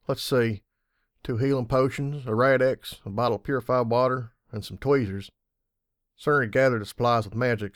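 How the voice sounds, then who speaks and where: A man reading fan fiction aloud in an audiobook style, measured and wry. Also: fairly low pitch, no room sound, clean studio sound. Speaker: audiobook reader.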